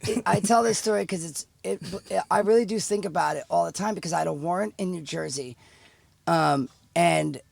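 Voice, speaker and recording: A man's voice: sits high, a little fast, creaky, no echo. A middle-aged man talking as a podcast guest, telling a candid story in a rambling way with many restarts. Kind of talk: casual storytelling chat.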